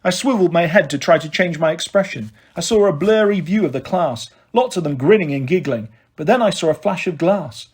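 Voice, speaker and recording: A man reads a children's novel aloud in a steady first-person voice. His voice is high-pitched for a man. It is breathy and a bit husky. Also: brisk, few pauses. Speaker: storyteller.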